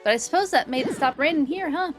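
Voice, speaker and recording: A woman's voice: fairly high pitch, normal speed, music in the background, close to an everyday voice. A woman voicing a huge drowsy sea creature from a video game, speaking in a jovial, drawling manner with a hearty laugh.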